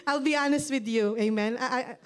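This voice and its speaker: A woman's voice: sits high, moderate pace, clear, resonant tone. A middle-aged woman pastor with a Filipino accent preaching a sermon in a playful storytelling way, laughing often.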